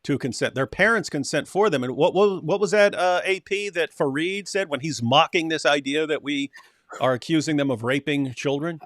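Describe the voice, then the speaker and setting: Male co-host with a higher pitch, animated, quick to mimic others, dry recording. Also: no room sound. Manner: animated, acts out quoted voices, frequent restarts. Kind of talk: casual panel discussion.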